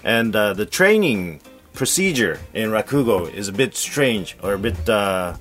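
A man's voice: fairly low pitch, measured pace, soft background music. A man co-hosting a podcast in a small studio, talking casually with many fillers. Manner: relaxed, many fillers, reads listener emails aloud. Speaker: podcast co-host, rakugo performer. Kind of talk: casual chat.

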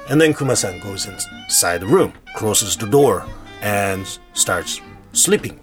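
A man's voice: lowish voice, wildly swooping pitch, measured pace, faint music behind. A man hosting a podcast, telling a folk tale in a casual, chatty way and laughing often. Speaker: storyteller and podcast host. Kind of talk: casual storytelling.

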